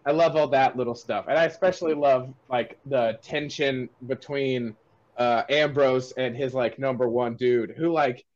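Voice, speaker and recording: A man's voice: medium pitch, fairly even intonation, normal speed, a little mellow, muffled recording. A man hosting a podcast, retelling movie scenes in a rambling, filler-heavy way. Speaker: podcast host. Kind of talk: casual movie review chat.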